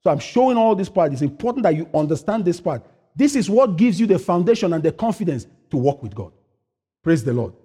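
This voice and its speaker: A man preaching a sermon as pastor, asking the congregation questions and answering them himself, swinging from loud, high-pitched preaching to quiet asides. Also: very animated, fairly quick, husky.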